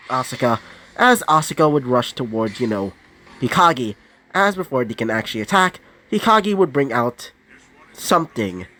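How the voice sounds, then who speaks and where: A young man casually narrating an improvised fan-fiction story, rambling with many fillers and asides, now and then clearing his throat. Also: medium pitch, fairly bright tone, slight background noise.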